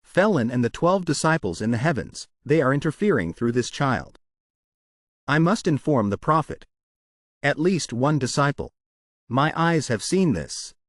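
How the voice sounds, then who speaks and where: A defiant dark sorcerer who threatens to haunt a city, read out by a man narrating a comic recap. The delivery is steady and matter-of-fact, with a lively rise and fall and a dry, close sound. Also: mid-range voice, moderate pace, no echo, close to an everyday voice. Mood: grim. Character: menacing male dark mage, defiant.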